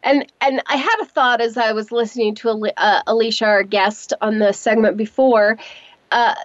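A woman co-hosting a talk radio show, agreeable and quick in conversation. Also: a little high, steady tone, no echo, highs cut off.

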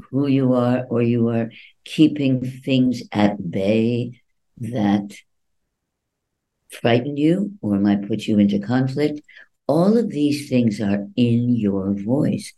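Male voice coach guest, unhurried, acts out quoted voices, dark mellow timbre. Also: mid-range voice, low-quality recording. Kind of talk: interview answers.

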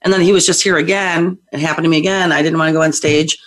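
A woman guest on a call-in show, a psychic medium telling stories in a lively, feisty way. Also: sits low, fast. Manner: lively, feisty, acts out voices in her stories. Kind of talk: animated storytelling on a call-in show.

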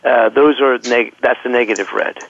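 Man on a tinny phone line, halting. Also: medium pitch, fairly even intonation, a bit bright. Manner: halting, many restarts and repeated words. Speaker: guest, clinical psychologist. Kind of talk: interview conversation.

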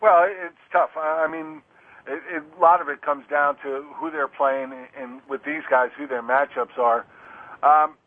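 A man's voice: a little high, steady tone, moderate pace. A man giving fantasy football analysis as a guest, with frequent restarts and fillers. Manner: hesitant restarts, lots of "you know". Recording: tinny phone line.

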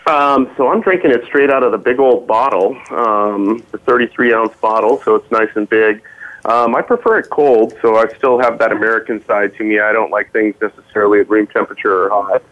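A man chats casually as a radio guest. He speaks haltingly and fills his pauses with "um" and "uh". His voice is on the lower side, and the remote line sounds dull and lo-fi. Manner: halting, with many ums and uhs. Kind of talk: casual chat on a radio call.

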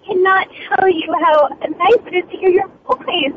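Giggly high woman on a phone line. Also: moderate pace. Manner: giggly, gushing, filler-heavy. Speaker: guest actress. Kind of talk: phone-in interview chat. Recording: tinny phone line with faint noise.

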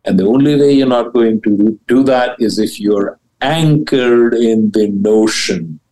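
Emphatic, lively man with a lowish voice. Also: measured pace, low-quality recording. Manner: emphatic and lively, swooping pitch, blunt casual wording. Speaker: guest spiritual teacher. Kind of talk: animated interview talk about spirituality.

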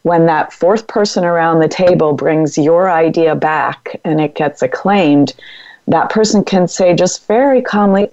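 A middle-aged woman with a fairly low voice talks calmly and steadily, like a coach giving advice. The sound is muffled and lo-fi, as if over a call. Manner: calm, measured coaching delivery. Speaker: guest. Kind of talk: interview conversation.

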